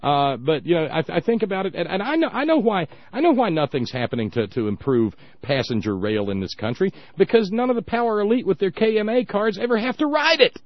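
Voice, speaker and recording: A middle-aged male talk radio host from West Virginia, speaking in a wry, unhurried drawl with self-mocking asides. His voice comes through a slightly muffled, dry studio recording. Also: high-pitched, very animated, no echo. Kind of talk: casual political talk radio.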